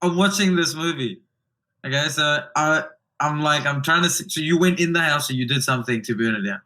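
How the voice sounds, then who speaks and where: A podcast host with a bright, forceful voice chats casually. The host tosses out playful, eager follow-up questions. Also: mid-range voice, a little fast. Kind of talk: casual interview chat.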